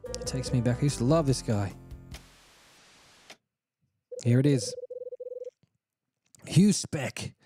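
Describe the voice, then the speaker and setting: A man's voice: quick pace, mellow. A man streaming a visual novel, reading the dialogue aloud with casual asides. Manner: casual, reads dialogue in a low easy voice with offhand asides. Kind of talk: let's play, reading game text aloud. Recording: music playing underneath. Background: game music.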